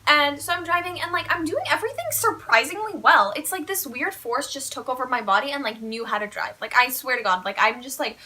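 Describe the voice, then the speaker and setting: Teen girl doing a storytime vlog, high voice, says like a ton, super animated. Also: brisk, few pauses, background noise. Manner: chatty, fillers of "like", animated retelling. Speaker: vlogger.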